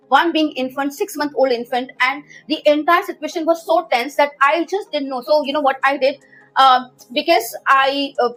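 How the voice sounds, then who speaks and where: A woman's voice: high voice, a bit bright, low-quality recording. A woman, a travel manager telling a story from her work in an earnest, conversational way with many fillers. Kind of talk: storytime narration.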